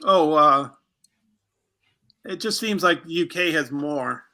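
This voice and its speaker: A man from the United States rambles through a casual livestream chat and often restarts his sentences. His voice is gravelly and very sharp, pitched a little high. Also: expressive, moderate pace. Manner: rambling, hesitant, many restarts.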